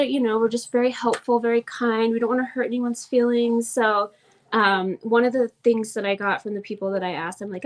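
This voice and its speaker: A woman from Oklahoma hosting a casual livestream astrology class, chatty and quick to laugh, acting out little quoted voices. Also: a little high, fairly even intonation, a little hiss or hum.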